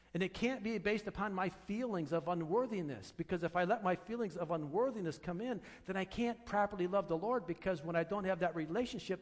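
A man preaching a sermon as pastor, earnest, asking rhetorical questions and repeating phrases for emphasis. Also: sits high.

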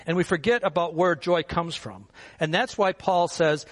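A male pastor delivers a sermon in a friendly, conversational way, putting rhetorical questions to his congregation. His voice sits a little higher than most men's, and a long reverb from the church sanctuary trails after his words. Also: expressive, measured pace, long pauses.

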